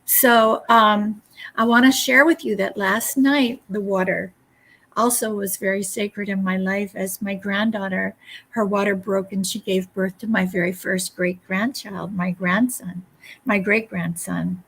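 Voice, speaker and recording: A woman in her seventies, an elder guest on a live broadcast, sharing personal stories in a gentle, reflective way with frequent pauses and filler sounds. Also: mid-range voice, steady tone, creaky, husky, poor audio. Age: 70s. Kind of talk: casual personal storytelling.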